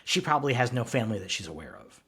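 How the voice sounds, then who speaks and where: A man co-hosting a podcast, retelling a TV episode in a rambling, animated way with laughs and swearing. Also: medium pitch, racing, breathy edge. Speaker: podcast co-host. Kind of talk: casual recap chat.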